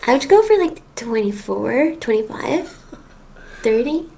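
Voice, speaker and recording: A woman's voice: on the high side, big pitch swings, measured pace, vocal fry, warm tone, a little hiss or hum. A young woman from Finland, talking emphatically and dramatically in a casual online voice chat. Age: young adult. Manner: emphatic, dramatic, playfully indignant. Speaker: chat participant. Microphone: online voice call.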